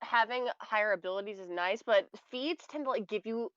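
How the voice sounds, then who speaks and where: A woman's voice: medium pitch, brisk, a bit bright, clean tone, dry recording. Woman, tabletop player, rambling casual chat, muffled lo-fi sound, dry. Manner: rambling, full of "like" fillers. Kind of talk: casual chat over voice call. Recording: dull dry lo-fi audio.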